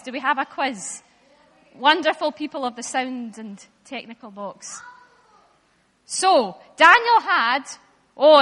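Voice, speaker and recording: A woman giving a lively, playful Bible talk in church, speaking directly to the children. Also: high voice. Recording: echoey hall.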